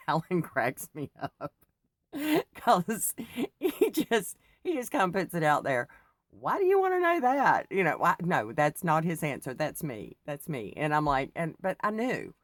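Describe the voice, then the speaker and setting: Low-voiced chatty woman rambling. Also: sing-song, measured pace, dry recording, studio quality. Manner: chatty, digressive, laughs often. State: wired on coffee after little sleep. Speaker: faith vlogger. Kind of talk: rambling personal talk.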